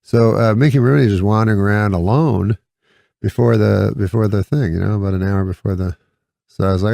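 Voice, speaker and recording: A comedian telling a rambling story in a deadpan way, with halting restarts. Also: male voice, on the low side, gravelly, dry recording. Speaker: comedian guest. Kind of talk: casual storytelling on a podcast.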